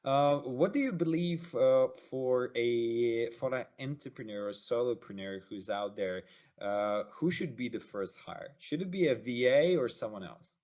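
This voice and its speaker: A man hosting an interview podcast, asking questions in a halting way and praising his guest's answers. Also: medium pitch, animated, a little mellow. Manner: encouraging, halting, many fillers and restarts. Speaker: podcast host.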